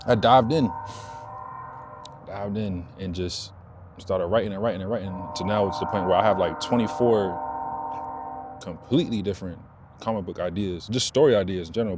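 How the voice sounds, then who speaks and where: A man talks loosely and a little low, circling back and repeating himself as ideas come. He speaks outdoors, with a faint wash of noise behind him. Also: normal speed, long pauses. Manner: rambling, loose, repeats himself, animated when excited. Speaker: vlogger. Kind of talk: casual talk to camera.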